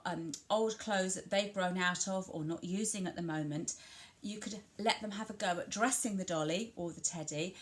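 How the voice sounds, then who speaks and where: A woman from England gives parents an early language lesson, recorded at home. She speaks in a calm, reassuring way and slows down to lean hard on each word she wants them to repeat. Her pitch is in the ordinary middle range. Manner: slow, exaggerated emphasis on key words as she models them; gentle, reassuring instructions to parents. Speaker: family centre early language practitioner.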